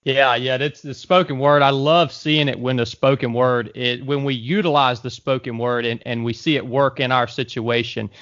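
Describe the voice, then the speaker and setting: A man's voice: medium pitch, fairly even intonation, moderate pace, hardly any pauses, fairly bright tone, no room sound, dull audio. Man asking rambling questions, dry sound. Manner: rambling questions with frequent restarts, says "man" often. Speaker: podcast host. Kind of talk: conversational podcast interview.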